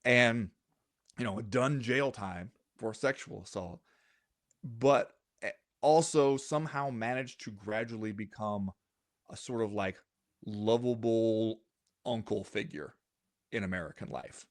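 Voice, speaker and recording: A man's voice: on the low side, measured pace, no echo, studio quality. Wry man reading listener comments. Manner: reads listener comments aloud, wry and animated. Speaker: podcast co-host. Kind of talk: casual chat.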